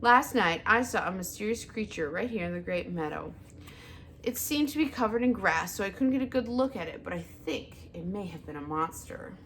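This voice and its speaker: A woman reading a storybook aloud, voicing an excitable, bossy male owl who talks loud and high with alarm. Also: normal speed, a little hiss or hum. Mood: urgent.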